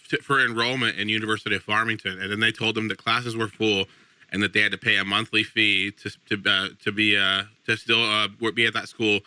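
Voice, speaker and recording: Co-host, a low-voiced man with a sharp timbre, plain and matter-of-fact, recorded close and dry. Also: clear, resonant tone, no echo. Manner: matter-of-fact storyteller with fillers. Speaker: podcast co-host. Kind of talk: casual chat.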